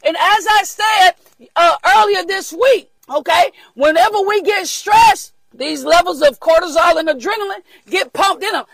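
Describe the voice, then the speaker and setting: An older woman preaching a motivational message, emphatic and repetitive, often rising into shouts. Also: very high-pitched, unhurried, vocal fry, poor audio.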